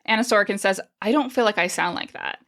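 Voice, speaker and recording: A woman's voice: mid-range voice, fast talker, fairly bright tone. A woman co-hosting a podcast in casual chat, chatty, laughing often and swearing freely. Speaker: podcast co-host.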